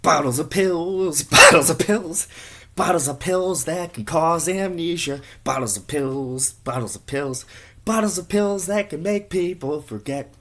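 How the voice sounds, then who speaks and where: A man voicing a manic male doctor in a TV ad, chanting his pitch in a sing-song way. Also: wildly swooping pitch, slow, fairly bright tone, breathy edge, exaggerated voice.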